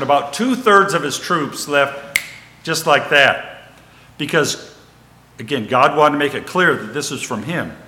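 This is an informal Bible teaching by a man whose mid-range voice sounds pushed and bright. After reading scripture out loud, he retells it plainly in everyday terms, frequently stumbling into fillers and restarts.

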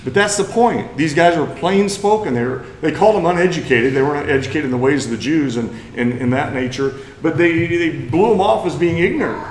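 A man's voice: a little high, a little fast, few pauses, echoey room, a little hiss or hum, low-quality recording. A man from Missouri with a Missouri accent, preaching a lesson in a plain-spoken, folksy way that climbs into emphatic bursts. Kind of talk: sermon lesson.

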